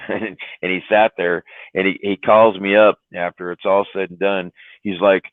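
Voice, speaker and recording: A trucker on a livestream chat tells trucking stories in a deep, flat voice, a little slowly, over a dry, tinny, phone-like line with no echo. He rambles and swears, leaning on lots of "you know" and "right?".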